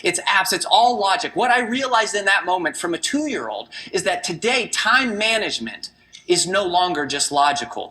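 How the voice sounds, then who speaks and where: Brief: stage talk speaker, bright tone, storytelling and rhetorical questions, mid pitch.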